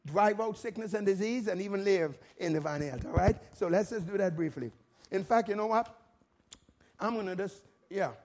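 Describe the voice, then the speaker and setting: Male pastor, unusually high-pitched, emphatic sermon delivery that climbs to shouts. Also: normal speed. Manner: emphatic preaching with rhetorical questions, rising to shouts.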